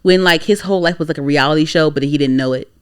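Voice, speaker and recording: A woman's voice: deep voice, fast, clean tone. A young woman from the Washington DC area co-hosting a podcast, talking bluntly and profanely in a ranting, casual opinion chat. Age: young adult. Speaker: podcast co-host.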